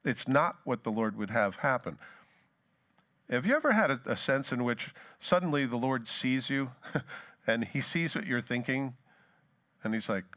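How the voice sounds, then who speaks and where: A male pastor delivers a sermon, reading scripture dramatically and tossing casual asides to the congregation. He's animated but unhurried, leaving long pauses, his voice rising loud and then dropping low.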